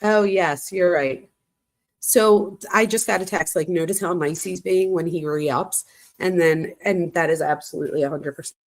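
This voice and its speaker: A woman with a somewhat low voice hosts true crime commentary. She reads text messages aloud in a casual, chatty way and drops her own reactions between them. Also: normal speed. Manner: chatty, reacts aloud while reading quoted texts.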